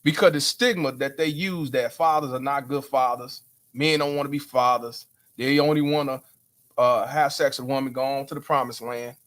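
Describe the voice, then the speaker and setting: A man's voice: mid-range voice, fairly even intonation, moderate pace, a bit bright. A man hosting his own show, talking straight to viewers in an emphatic, preachy way, asking them rhetorical questions. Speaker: host. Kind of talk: casual commentary to viewers.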